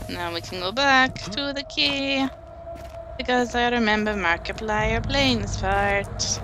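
A woman casually commenting as she plays a game, chatting, muttering and humming to herself as she explores. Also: a little high. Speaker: let's play gamer. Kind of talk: casual let's play commentary. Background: game music.

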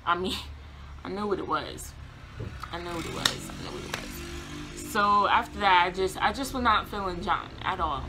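A young woman vlogger telling a casual storytime, animated, laughing often and acting out quotes. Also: lowish voice, normal speed, over music.

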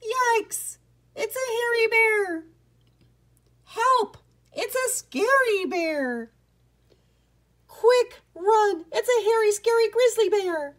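A woman's voice: extremely high pitch, animated, slow, long pauses, pitched above the performer's own voice, heavily acted. A woman voicing a pack of panicked little rats shrieking in fright, in a storybook reading.

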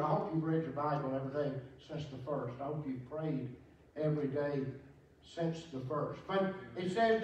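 A man's voice: medium pitch, fairly even intonation, moderate pace, darkish tone, muffled recording, a little hiss or hum. An older man preaching a sermon, telling folksy stories with humorous asides. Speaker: pastor. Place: church sanctuary. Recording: very echoey church, distant mic.

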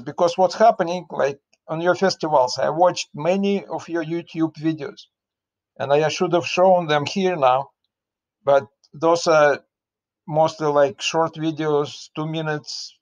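A man with a Russian accent interviewing a guest in a slow, searching online chat, often restarting his sentences. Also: fairly high pitch. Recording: dull lo-fi audio.

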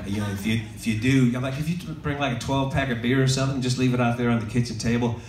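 On stage at a live music venue, a songwriter tells loose, jokey stories to the audience between songs. His medium-pitched voice is quick and fairly even, heard from a distance in an echoey room with loud music and a crowd behind him.

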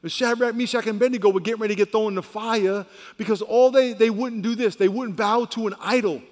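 A middle-aged man, a pastor, preaching a sermon with lively swings between loud and hushed delivery. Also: high-pitched, quick pace. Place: large church hall. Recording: reverberant church hall.

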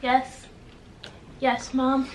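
A woman's voice: high voice, completely flat delivery, extremely slow, distant mic, slight background noise. A young woman joining a casual eating vlog, playful and dry in her teasing. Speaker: co-host of the challenge.

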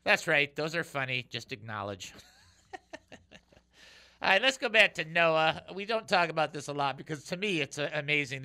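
A man hosting a call-in radio show, joking around and reading Bible verses aloud. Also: fairly high pitch. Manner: animated and joking, reads scripture aloud. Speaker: radio host.

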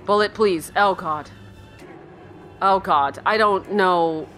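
A woman playing a horror game and commenting as she goes, jumpy, yelping when startled and muttering quietly when she is tense, often calling to her in-game dog. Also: lowish voice, takes it slowly, soft background music. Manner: jumpy, yelps and shrieks, then drops to a hushed mutter. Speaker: let's play streamer.

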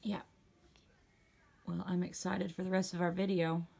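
A woman's voice: lowish voice, level tone, moderate pace, gravelly, a little mellow, slightly rough. A woman filming a child's video at home, chatting casually and encouraging him from beside the camera. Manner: encouraging, playful remarks. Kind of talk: casual chat.

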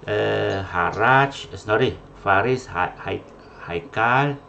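A man's voice: on the low side, slow, gravelly, pushed and bright, highs cut off, a little hiss or hum. A man with a Malaysian English accent teaching an online class, mixing English and Malay, calling out names and often ending with a questioning "eh?". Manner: mixes English and Malay, repeats names, ends with "eh?". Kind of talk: online class roll call. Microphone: video call.

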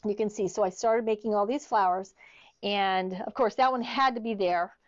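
A woman's voice: mid-range voice, moderate pace, no room sound, highs cut off. A middle-aged woman teaching an online sewing class, chatty, telling stories as she demonstrates. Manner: chatty, storytelling asides. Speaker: sewing instructor.

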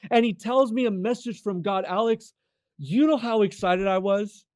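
Young guy, high voice, telling his testimony all animated, dry close mic. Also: normal speed, no room sound. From California. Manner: animated, acts out quoted voices, addresses the host by name often. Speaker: guest sharing his testimony. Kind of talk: emotional storytelling testimony.

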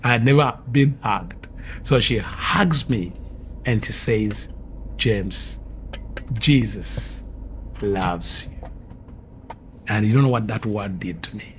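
A man's voice: fairly low pitch, moderate pace, slight background noise. Earnest man telling his testimony. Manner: earnest, vivid storytelling with repeated phrases. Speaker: former occultist giving testimony. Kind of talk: personal testimony storytelling.

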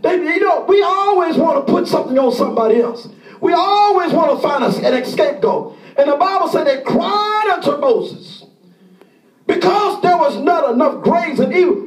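High-voiced preaching pastor, shouting in an echoey room. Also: male voice, lively intonation, normal speed, far from the mic. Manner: impassioned preaching, often shouting, acting out voices. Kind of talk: sermon.

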